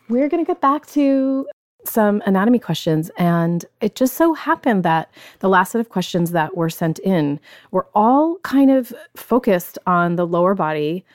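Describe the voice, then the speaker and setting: A woman's voice: mid-range voice, expressive, a little slow, darkish tone, no room sound, studio quality. A woman hosting a podcast, chatting casually and reading out listener questions in a friendly way. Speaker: podcast host.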